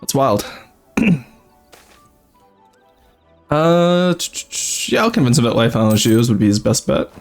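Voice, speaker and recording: A man's voice: mid-range voice, very animated, measured pace, pauses often, faint music behind. A young man streaming a strategy game, chatting casually and rambling, laughing often and talking to his chat. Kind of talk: casual gameplay commentary.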